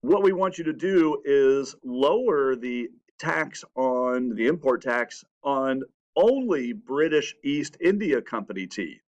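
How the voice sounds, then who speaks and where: A man teaching a history lesson, telling the story with animated, raised-voice quotes. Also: medium pitch, takes it slowly. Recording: dull lo-fi sound.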